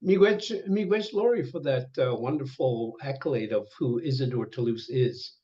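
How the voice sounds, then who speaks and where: An older man teaching an online language lesson, speaking slowly and patiently and repeating each word several times over a video call. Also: medium pitch, warm tone. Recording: dull lo-fi webinar audio.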